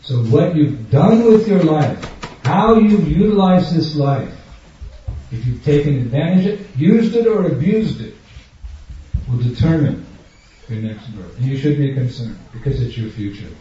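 A man's voice: fairly high pitch, lively intonation, a little slow, dark tone, a little hiss or hum. A man giving a sermon to an audience, emphatic and questioning, acting out little everyday scenes. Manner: acts out everyday scenes in different voices. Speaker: spiritual teacher. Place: large room with an audience. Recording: dull, echoey hall, far from the mic.

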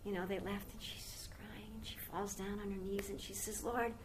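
A woman spiritual teacher gives a devotional talk, telling a long story in a rambling, conversational way with asides to her listeners. Her medium-pitched voice shows little pitch movement, moderate pace, with background noise.

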